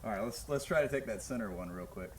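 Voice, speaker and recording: Halting man explaining at a shooting range. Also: lowish voice, expressive. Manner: halting, lots of ums and uhs. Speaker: firearms channel host. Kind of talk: casual explanatory talk at the range. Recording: distant mic, faint background noise.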